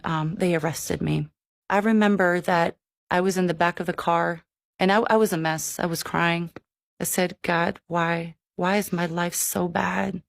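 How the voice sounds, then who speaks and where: A woman telling her personal conversion testimony, earnest and emotional, with halting restarts. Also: on the low side, no room sound, studio quality. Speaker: person giving a faith testimony.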